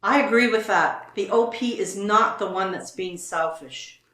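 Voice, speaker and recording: A woman's voice: medium pitch, measured pace, fairly bright tone, echoey room. A woman co-hosting a casual show, reading online posts aloud and commenting on them.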